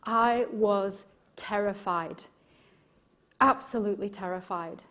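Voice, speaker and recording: A woman's voice: medium pitch, slow pace. A middle-aged woman from Yorkshire with an English accent, giving a live motivational keynote as a coach, telling stories with emphatic repetition and questions to the audience. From Yorkshire, England. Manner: expressive storytelling, emphatic repetition, engages audience.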